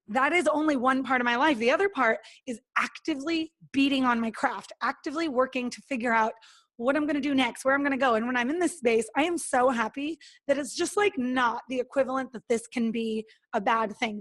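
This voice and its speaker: Speaking fairly quickly in a high-sitting voice with a fairly bright tone, this woman is a guest on a podcast. It's casual interview talk, delivered in an easygoing, sincere and encouraging way as she voices her own inner thoughts and the words of others.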